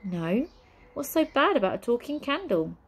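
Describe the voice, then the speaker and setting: A woman voicing a wary, quick-witted young girl thief in a storybook reading, asking anxious questions. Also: on the high side, very animated, breathy edge, voice pushed up, heavily acted.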